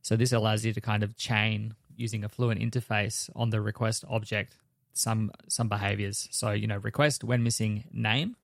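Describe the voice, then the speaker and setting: A man co-hosting a podcast who goes through software changes one by one, steady and explanatory. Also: lowish voice, normal speed, creaky, dry recording, studio quality. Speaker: podcast co-host. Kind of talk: technical news rundown.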